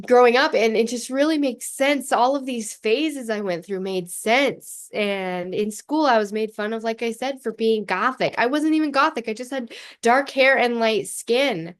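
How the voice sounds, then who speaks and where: A middle-aged woman hosting a podcast, telling personal stories candidly in a loose, blunt way, swearing casually and laughing often. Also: on the high side. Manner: talks in loose run-on phrases with many fillers. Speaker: podcast host.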